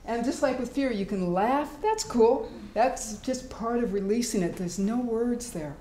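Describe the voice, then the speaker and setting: A woman presenting a live workshop in a hospital meeting room, animated and demonstrative, acting out sounds and inner voices as she teaches. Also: on the high side, a little slow. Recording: echoey room, faint background noise.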